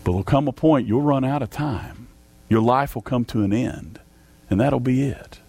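A man preaching a sermon to a church congregation, fervent, with big swings in pitch and loudness. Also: normal speed, slightly rough. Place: church service.

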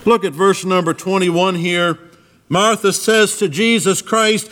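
A man gives a church sermon in a steady, slightly bright voice at a measured pace. Even so, he retells the scripture with dramatic rises and falls in pitch for emphasis.

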